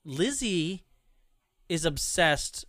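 Bright, chatty man reviewing a film. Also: fairly high pitch, very animated, drawn-out words, no room sound, clean studio sound. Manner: rambling, lots of "like" and "right?". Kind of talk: casual film review chat.

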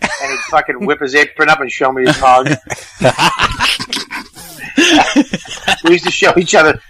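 A man's voice: fairly high pitch, sing-song, takes it slowly, rough recording. A man from Boston with a Boston accent, calling in as a guest comedian and arguing in profane, casual banter. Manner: profane, loud and argumentative, keeps interrupting. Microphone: phone call.

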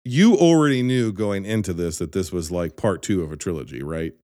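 A man's voice: sits low, animated, brisk, warm tone, no echo, studio quality. A man hosting a casual movie podcast, talking conversationally and leading the questions.

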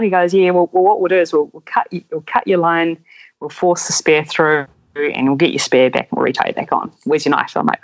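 A man, a podcast guest telling animated stories and acting out voices in them. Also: on the high side, fast talker, rough recording. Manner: animated, acts out voices in anecdotes. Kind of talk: casual storytelling.

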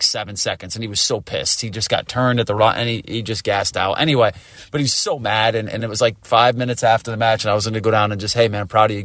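A man's voice: lowish voice, fairly bright tone, dry recording, clean studio sound. A man in his forties, a podcast host, candidly telling a rambling story. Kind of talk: casual conversation.

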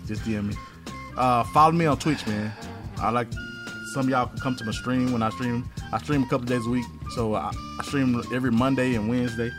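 Brief: quick, excitable young male podcast co-host, faint music underneath. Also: medium pitch. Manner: excited, laughing, talks over others. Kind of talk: casual chat.

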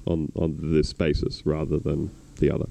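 A man's voice: extremely low pitch, monotone, moderate pace, vocal fry, mellow. An Australian man hosting a podcast, talking in a sardonic, rambling way with many restarts. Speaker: podcast host. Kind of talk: casual chat.

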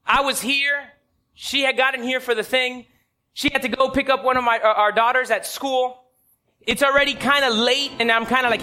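A man's voice: very high-pitched, fairly even intonation, moderate pace, pushed and bright. A man preaching a sermon in a church, telling stories with emphasis and asking the congregation direct questions. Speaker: pastor.

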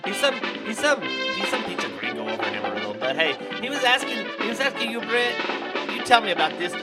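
A man playing a brash, hot-tempered comic weather reporter with a put-on Mexican Spanish accent, excitable and full of slang. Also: sits high, fast talker. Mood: boastful rant. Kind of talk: comedy sketch segment. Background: loud music.

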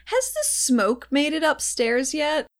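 Woman, tabletop player, casual, joking, a bit higher voice. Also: big pitch swings, takes it slowly.

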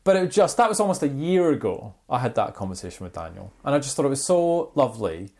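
A podcast co-host telling a rambling story in casual chat, with sound effects and quick restarts. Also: mid-range voice, very animated, a little mellow.

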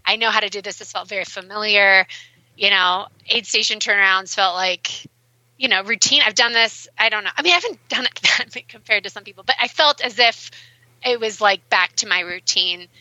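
A young adult woman talking as a guest on a casual podcast interview, animated and emotional, speaking in quick bursts. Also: mid-range voice, no echo. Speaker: guest ultrarunner. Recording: muffled dry recording.

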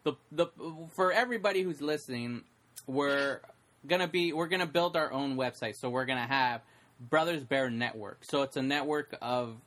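A man's voice: medium pitch, a bit bright. A man co-hosting a podcast in casual chat, rambling and correcting himself as he explains plans. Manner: rambling, self-correcting, jokey. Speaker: podcast co-host.

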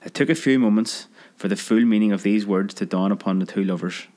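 A man narrating a children's story aloud in a lively, expressive reading. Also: lowish voice, brisk.

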